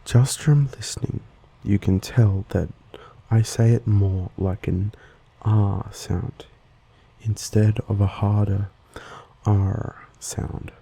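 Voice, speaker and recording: A man with an Australian accent giving a soft-spoken, slow ASMR lesson and sometimes slipping into a whisper. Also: on the low side, fairly even intonation, creaky, husky, low-quality recording. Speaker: ASMR host teaching accents.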